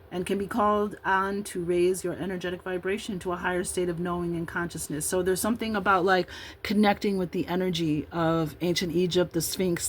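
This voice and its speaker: A woman in her fifties gives a relaxed tarot reading with a somewhat low voice. She wanders off into chatty asides before returning to read the card text aloud. A faint hiss sits under her voice. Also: rough recording. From Illinois, USA. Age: 50s.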